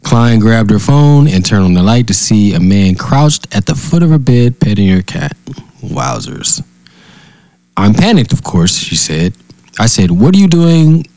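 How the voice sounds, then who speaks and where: A man's voice: fairly low pitch, sing-song, unhurried, darkish tone, no room sound, poor audio. A man co-hosting a casual chat, reading a news story aloud with joking asides. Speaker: podcast co-host.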